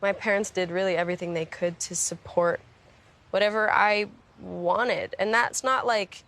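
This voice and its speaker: A young woman in a casual radio interview, talking softly with many restarts and fillers. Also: mid-range voice, fairly even intonation. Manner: soft-spoken, halting, many restarts and fillers. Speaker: interview guest, musician.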